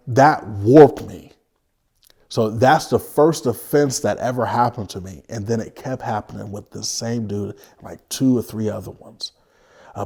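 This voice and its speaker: A man telling his own life story as an interview guest, earnest and halting, often restarting his sentences. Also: medium pitch, a little mellow, husky. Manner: vivid retelling.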